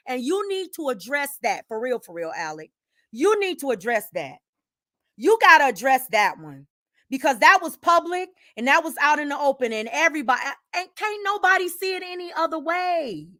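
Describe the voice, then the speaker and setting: An older woman hosting a livestream, talking in an emphatic casual rant that swings from loud to hushed, with sighs. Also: high voice, sing-song, moderate pace. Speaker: livestream host.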